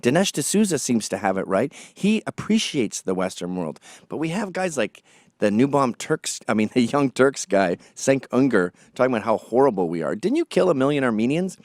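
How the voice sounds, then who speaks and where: A man delivers a combative, sarcastic monologue, and his voice swings widely up and down in pitch. The recording is dry and close, with no room sound at all. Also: very animated, moderate pace, a little mellow, no room sound. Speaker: political commentator. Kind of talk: opinionated monologue.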